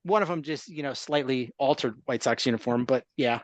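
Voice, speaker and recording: A man's voice: mid-range voice, a little fast, no room sound. A man hosting a sports podcast in casual chat, joking and chuckling. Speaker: podcast host.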